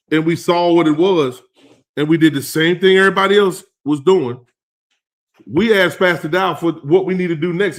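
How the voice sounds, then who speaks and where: Male preacher, high voice, conversational sermon, punchy emphasis. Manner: emphatic and conversational, rising to loud stresses. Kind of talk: sermon teaching.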